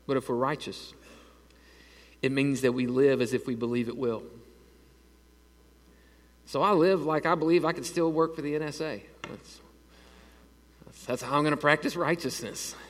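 A man in his thirties preaching a conversational sermon and telling stories with growing excitement. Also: medium pitch, normal speed, pauses often, in a large hall. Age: 30s. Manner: conversational preaching, animated storytelling. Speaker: pastor.

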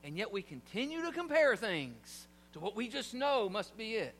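A man delivers a sermon in a joking, conversational way, turning to address his congregation directly. His voice sits high and sounds bright and forceful. The sound carries a long church-hall reverb over a faint hum. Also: sing-song, normal speed. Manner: conversational preaching with humor, asides to the congregation. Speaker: pastor. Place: church sanctuary.

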